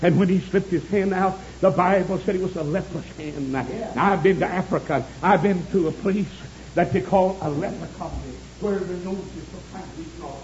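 Fervent male preacher, high voice, lo-fi church recording with congregation. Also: moderate pace, slight background noise. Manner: fervent, shouts praise, folksy storytelling. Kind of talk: sermon.

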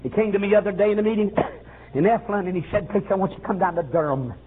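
A man preaching a revival sermon, fervent and swooping, with frequent "uh"s and bursts of shouting. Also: sits high, very fast. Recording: tinny phone-like old recording with faint hiss.

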